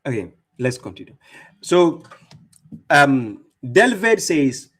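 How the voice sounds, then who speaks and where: Speaking at a normal pace in an animated, mid-range voice, a man delivers fierce, mocking religious commentary as an Islamic debater and streamer. He leans heavily on emphasis.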